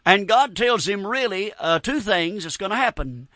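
A man's voice: sits high, lively intonation, moderate pace, pushed and bright, no echo. A middle-aged man preaching a sermon in an earnest, folksy way, quoting old-fashioned scripture. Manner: earnest, folksy, quotes scripture in King James wording.

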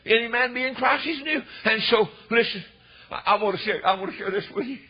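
An older man, preaching a fervent storytelling sermon that swells into emphatic shouts. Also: sits high, fast talker, breathy edge. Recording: dull lo-fi recording.

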